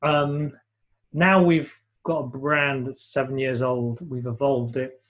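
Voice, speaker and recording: A man helping host a live webinar speaks in a relaxed, spirited, think-out-loud style full of restarts, and he reads audience comments. His mid-range voice moves slowly, and the sound is lo-fi.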